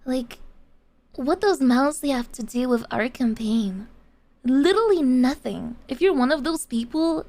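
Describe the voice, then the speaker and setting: A woman's voice: high-pitched, measured pace, darkish tone. A young woman streamer chatting casually to her viewers, swearing a lot and using gamer slang. She swings between giggles and rants. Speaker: VTuber streamer.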